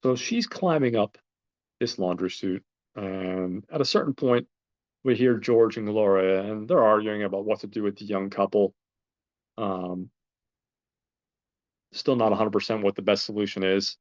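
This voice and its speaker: A man's voice: fairly low pitch, normal speed, long pauses, a little mellow. Rambling man recapping a film. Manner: rambling storyteller, swears, many fillers. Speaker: podcast host. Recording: dull lo-fi recording.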